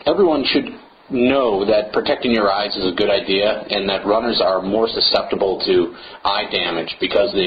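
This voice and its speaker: A man hosting a running podcast on his own, talking in a playful, theatrical and wordy way, from New England in the United States. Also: lowish voice. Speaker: podcast host. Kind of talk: solo podcast monologue. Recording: slightly dull, faint hiss.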